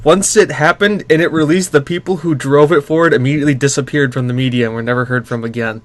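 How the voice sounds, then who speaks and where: A man's voice: fairly high pitch, fairly even intonation, fast talker. A man co-hosting a gaming podcast in casual chat, joking and slipping into silly voices. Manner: jokey, slips into silly voices. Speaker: podcast co-host.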